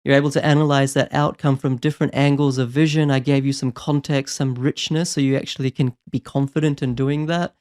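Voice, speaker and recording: A man coaching on property investment, talking in an energetic, persuasive way and often checking in with "right?". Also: mid-range voice, brisk, few pauses. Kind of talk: motivational advice talk.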